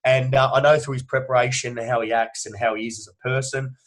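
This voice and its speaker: A man's voice: medium pitch, flat delivery, quick pace. An Australian man, a strength coach, talking in a casual podcast interview, swearing freely and telling long emphatic stories. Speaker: strength and conditioning coach, guest.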